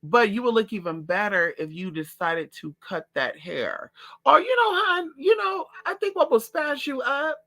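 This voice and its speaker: A man's voice: extremely high pitch, lively intonation, normal speed, pushed and bright, voice pushed up, exaggerated voice. A man putting on a sugary, condescending woman who gives backhanded advice. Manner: sweet, condescending.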